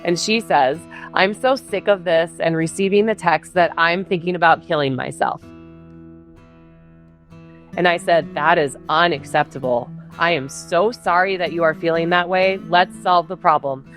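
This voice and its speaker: A middle-aged woman speaks in a somewhat low voice, retelling a hard stretch of her life for a podcast. She voices both sides of the arguments with intensity. A faint music bed plays beneath her. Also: normal speed. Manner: intense, retelling heated quarrels with quoted dialogue. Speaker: guest telling her story. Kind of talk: podcast interview storytelling.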